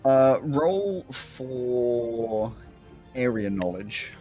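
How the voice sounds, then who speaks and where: A man runs a tabletop game as its game master, narrating with quick, laughing bursts. His pitch swings widely as he describes each move. Soft fight music plays underneath. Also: lively intonation. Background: faint fight music.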